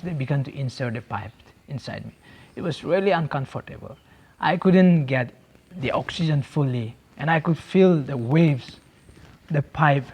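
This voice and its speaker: A young man giving an earnest personal faith testimony, halting and repeating himself, with many "you know"s. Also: medium pitch, husky, lo-fi sound. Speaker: testimony speaker.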